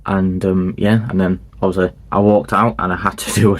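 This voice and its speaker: A young man with a deep voice and an even, level delivery, talking casually as a podcast host. He rambles earnestly, restarting sentences and filling pauses as he tells his story.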